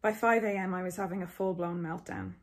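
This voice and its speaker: A woman author reading her own memoir aloud in an intimate, expressive storytelling manner. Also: lowish voice, a little fast.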